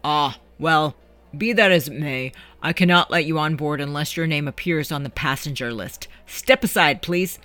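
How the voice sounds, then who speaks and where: A woman's voice: sits low, moderate pace, a bit bright, no echo. A woman voicing an irritated, officious male ship official in a storybook reading. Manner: curt, officious.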